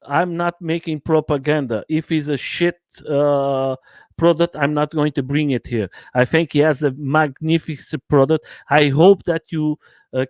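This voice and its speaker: Man, livestream host, enthusiastic, repetitive, slightly high voice, dry close sound. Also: a little mellow, no echo. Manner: enthusiastic, repeats himself, broken English. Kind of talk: casual livestream chat.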